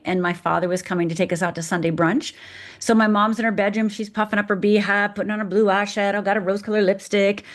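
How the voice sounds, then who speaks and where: A middle-aged woman from Upper Michigan, a podcast guest, telling her personal story frankly and vividly. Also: mid-range voice. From Upper Michigan, USA. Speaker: guest, fear expert.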